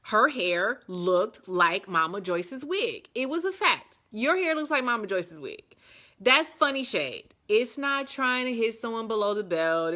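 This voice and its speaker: A woman's voice: mid-range voice, sharp tone. A woman in her forties from Detroit, chatting casually as she answers viewer comments, rambling with lots of ums and playful self-mockery. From Detroit, USA. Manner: unhurried and rambling, with frequent ums and restarts. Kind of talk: casual live chat reading comments.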